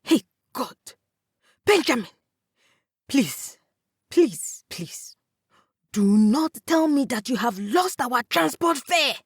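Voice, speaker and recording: A woman's voice: fairly high pitch, animated, brisk, pauses often, slightly rough, dry recording, clean studio sound, voice pushed up. Woman doing a furious big brother. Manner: scolding, stutters when upset. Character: exasperated big brother, young man, hot-tempered.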